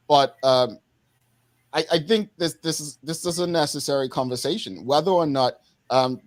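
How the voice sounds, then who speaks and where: A man's voice: medium pitch, no echo. A man from Bermuda hosting a daily talk show in a casual, chatty way, often calling out to the audience as folks.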